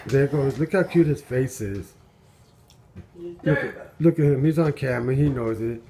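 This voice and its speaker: At home indoors, a man with a warm, medium-pitched voice films his dog on a handheld camera at normal speed. He keeps up an amused running commentary, full of exclamations and chuckles.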